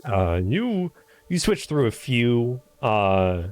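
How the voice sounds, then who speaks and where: A man narrates as game master in a laid-back, conversational way. His pitch moves around a lot, and he leans on "uh" and "like" as he describes the scene. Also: big pitch swings, takes it slowly, a little mellow. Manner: loose, filler-heavy, describing scenes. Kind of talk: casual tabletop narration.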